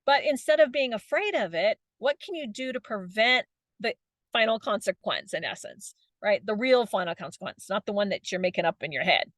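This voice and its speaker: A woman's voice: mid-range voice, lively intonation, normal speed, a bit bright, no echo. A middle-aged woman giving a motivational talk as a coach, chatty, laughing often and tagging her points with "right?".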